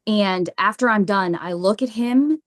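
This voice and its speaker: A woman, a psychic medium, telling stories in a podcast interview, animated and repeating phrases as she acts out what people said. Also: mid-range voice, measured pace.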